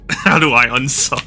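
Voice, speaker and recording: A man's voice: on the high side, sharp tone. A man streaming a video game, joking and laughing often in casual commentary. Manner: playful and joking, with frequent laughs. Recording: game music playing underneath.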